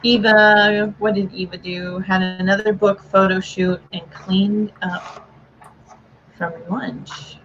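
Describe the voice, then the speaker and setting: A woman's voice: medium pitch, level tone, slow, fairly bright tone, soft background music. A woman hosting a casual livestream chat, upbeat and full of filler words. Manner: chatty, upbeat, lots of "like" fillers. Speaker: livestream host. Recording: dull lo-fi stream audio.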